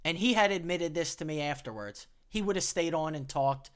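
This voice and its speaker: A man's voice: a little high, moderate pace, clean tone. A man co-hosting a podcast in casual chat, upbeat as he thanks listeners. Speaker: podcast co-host.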